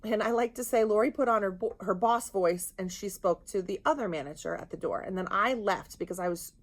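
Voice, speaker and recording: A woman co-hosting a podcast, telling a story in casual chat, animated and indignant. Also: mid-range voice, a little fast. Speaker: podcast co-host.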